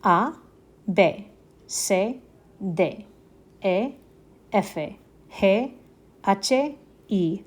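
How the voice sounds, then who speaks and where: A woman teaching at an unhurried, deliberate pace, with a voice of ordinary middle pitch. She guides learners through repeat-after-me drills with patient encouragement and frequent check-ins. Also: lively intonation. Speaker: Spanish teacher. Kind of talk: slow repeat-after-me language lesson.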